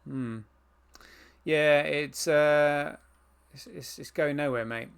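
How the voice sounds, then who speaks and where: A man co-hosting a podcast, talking in a halting way with lots of fillers. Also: fairly high pitch, steady tone, gravelly, clean tone. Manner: halting, filler-heavy, agreeable. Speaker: podcast co-host. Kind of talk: casual chat.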